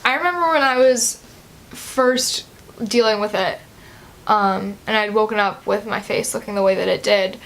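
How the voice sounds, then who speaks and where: Speaking in a mid-range, fairly bright voice, a teenage girl of about seventeen tells a casual personal story to her camera. Her vlog delivery is chatty and loose, full of "um" and "like" fillers.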